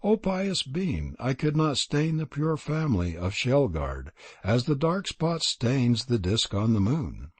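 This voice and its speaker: A man reading a storybook, voicing a resigned young serpent prince in an earnest, solemn way with a husky voice. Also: mid-range voice, very animated, measured pace, hardly any pauses, no echo.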